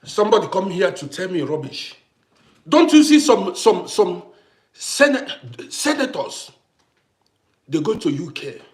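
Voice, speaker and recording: A man from Africa rants straight to camera in a high, swooping voice. He fires off rhetorical questions and circles back over the same points again and again for emphasis. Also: sing-song, a little slow, pauses often. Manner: ranting, rhetorical questions, repeats himself. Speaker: vlogger. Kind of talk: impassioned monologue to camera.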